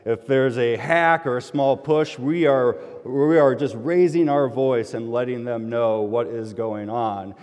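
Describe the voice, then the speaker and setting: A middle-aged pastor tells a personal story from the pulpit in an easygoing, chatty way. His voice sits at an ordinary male pitch and swells loud and animated when he gets worked up. A long reverb from the hall trails behind every line. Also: a little slow, few pauses. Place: church sanctuary.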